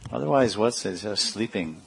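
A middle-aged man delivers a devotional lecture, his voice sitting a little low. He recites verses in Sanskrit, then unpacks them word by word with chuckles along the way. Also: animated, fairly quick, gravelly, a bit bright, a little hiss or hum. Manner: chanting Sanskrit verses and explaining them with laughs. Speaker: spiritual teacher.

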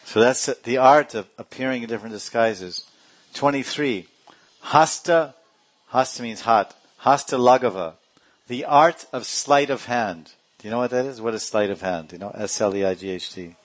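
A man's voice: mid-range voice, normal speed. A man giving a playful storytelling religious talk, laughing often and acting out characters. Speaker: religious teacher.

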